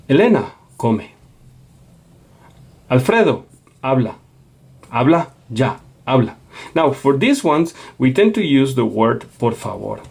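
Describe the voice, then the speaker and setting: A man's voice: medium pitch, gravelly, a little mellow, breathy edge. A man teaching a Spanish lesson, explaining patiently and checking in with a frequent "okay?". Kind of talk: classroom lecture.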